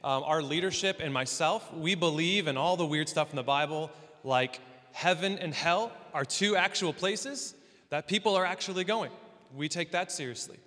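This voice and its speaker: A man's voice: on the high side, moderate pace, pushed and bright. A man preaching a casual, playful sermon in a church hall, with joking asides. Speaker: pastor. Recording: long hall reverb.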